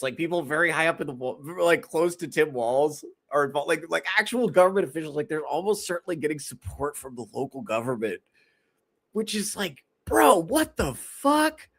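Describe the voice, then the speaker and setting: A man's voice: on the high side, fairly bright tone. A male comedian hosting his own podcast, talking alone in a rambling, profane and exasperated way, full of fillers. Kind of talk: solo podcast monologue.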